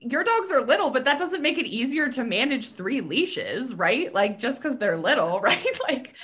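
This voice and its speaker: A woman's voice: a little high, expressive, normal speed, fairly bright tone. A woman hosting a podcast interview about dog training, enthusiastic and exclaiming often. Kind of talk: casual interview chat.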